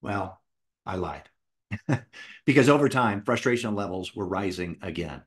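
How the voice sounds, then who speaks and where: Lively storytelling man, lowish voice. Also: measured pace. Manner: animated, acts out his own past words. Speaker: children's book author and founder. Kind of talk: personal storytelling talk.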